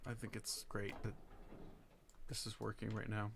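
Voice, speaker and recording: A man's voice: on the low side, monotone, normal speed, vocal fry, background noise. A man chatting casually to his viewers while streaming a game, rambling with asides and sounding tired and yawning. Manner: rambling and chatty, talking to chat, with laughs and trailing asides. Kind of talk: casual live-stream chat while playing.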